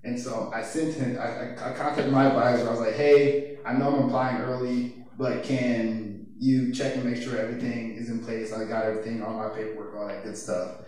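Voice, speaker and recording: A man's voice: medium pitch, little pitch movement, fairly quick, darkish tone. A young man in college giving a casual, chatty youth sermon, telling personal stories and laughing now and then. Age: young adult. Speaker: youth speaker. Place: church youth room. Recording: echoey room from far off, faint noise.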